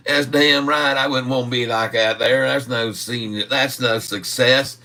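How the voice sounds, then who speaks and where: Give me a laughing man chatting casually, with a bright tone. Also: medium pitch, steady tone, measured pace. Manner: laughing, self-mocking, loose. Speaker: stock video host. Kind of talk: joking casual chat.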